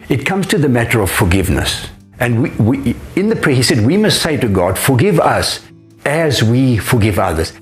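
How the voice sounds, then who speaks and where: An older man preaches with an animated, swinging pitch that climbs on the words he wants to stress. His voice sits in a middling register, and soft music plays faintly behind him. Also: normal speed. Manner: emphatic, rising on key phrases. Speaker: pastor. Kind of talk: sermon.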